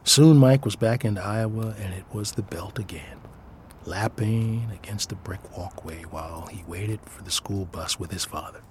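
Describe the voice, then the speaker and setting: A man's voice: lowish voice, normal speed, a little mellow, slight background noise. A father reading his own personal essay aloud in a reflective way, often dropping into a near whisper.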